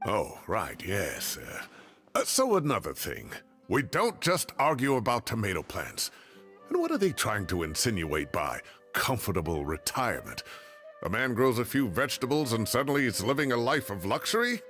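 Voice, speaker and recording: An actor playing a gruff, hot-tempered retired older professor in a game, grumbling with sarcastic indignation. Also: male voice, lowish voice, wildly swooping pitch, moderate pace, a bit bright, soft background music. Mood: indignant. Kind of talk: game voice acting.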